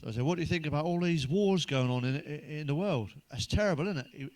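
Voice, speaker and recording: Quick and barely pausing, a middle-aged comic with a fairly high, slightly mellow voice runs through a blunt monologue of crude jokes. Swearing fills nearly every line, and he acts out characters in different voices.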